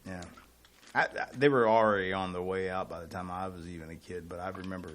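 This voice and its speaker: Speaking fast in a low-pitched voice, a middle-aged man co-hosting a laid-back radio show rambles through long stories during casual on-air chat, getting animated when excited.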